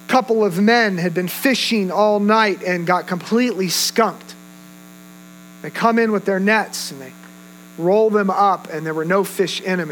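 A male pastor preaching a sermon, telling stories with animated delivery and acting out quoted voices. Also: high voice, a little hiss or hum, poor audio.

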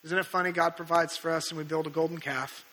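A man's voice: fairly high pitch, level tone, fast talker, sharp tone. A male pastor preaching a sermon, retelling scripture in a casual, conversational way with colloquial asides, in a church sanctuary. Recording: echoey hall reverb.

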